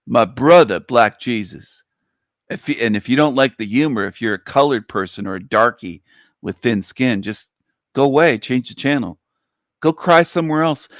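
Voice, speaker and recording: A man's voice: no echo, clean studio sound. A man hosting a livestream show, ranting in a mocking, profane, combative way and slipping into sarcastic whiny impressions. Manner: sarcastic, with falsetto whining impressions.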